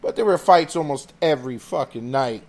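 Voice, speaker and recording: A man's voice: mid-range voice, moderate pace. A man hosting a podcast, telling rambling, profane stories in casual chat. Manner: profane, rambling, animated storytelling. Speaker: podcast host.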